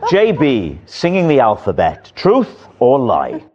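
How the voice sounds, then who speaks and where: A man's voice: mid-range voice, huge pitch swings, takes it slowly, crowd noise. A man hosting a comedy panel show in a TV studio, playful and teasing with the guests. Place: TV studio with live audience. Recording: muffled studio sound, audience noise.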